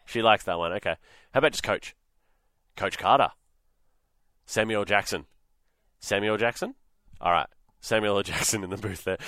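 A man with an Australian accent hosting a radio show in a chatty, animated way. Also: lowish voice, moderate pace, pauses often, no room sound, clean studio sound. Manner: chatty, animated, acts out quotes. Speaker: radio host. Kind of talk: casual radio chat. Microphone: studio microphone.

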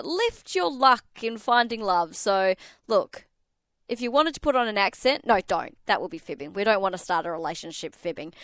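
A woman's voice: sits high, a bit bright, clean tone, no room sound, clean studio sound. An Australian woman hosting a radio show, chatting playfully with lots of filler words. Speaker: radio host. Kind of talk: casual radio chat.

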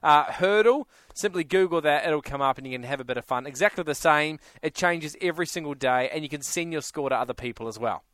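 A man's voice: on the high side, fast talker, hardly any pauses, fairly bright tone, dry recording. A man hosting a radio show, running a music quiz in a playful, teasing way. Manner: playful, teasing game presenter. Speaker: radio host. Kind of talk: casual radio banter. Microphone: studio microphone.

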